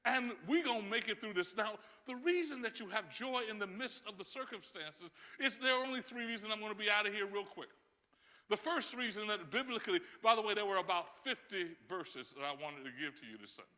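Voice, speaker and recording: A man preaching a sermon as pastor, emphatic and often laughing, building to loud, rising calls. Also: high voice, animated, a little fast. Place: church sanctuary. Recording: church sanctuary with long reverb.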